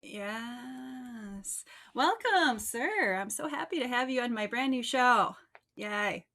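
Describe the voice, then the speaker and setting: A woman's voice: fairly high pitch, lively intonation, unhurried, pushed and bright. Bubbly chatty woman hosting a livestream. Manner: bubbly, chatty, laughs often. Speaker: host. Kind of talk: casual livestream chat.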